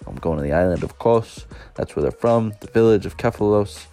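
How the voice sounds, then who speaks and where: A man's voice: fairly low pitch, animated, moderate pace, mellow, faint music behind. A man, hosting a solo podcast in a rambling, chatty way and laughing often. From United States. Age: 20s. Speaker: podcast host. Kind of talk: casual solo podcast monologue.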